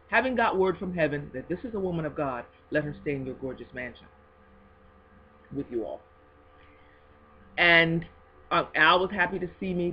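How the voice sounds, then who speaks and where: Woman, home faith vlogger, animated delivery ranging hushed to excited, muffled home-video sound. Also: fairly low pitch, slightly rough. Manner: expressive, swinging from hushed to excited; talks of God and blessings. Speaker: video blogger. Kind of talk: faith video blog, casual talk.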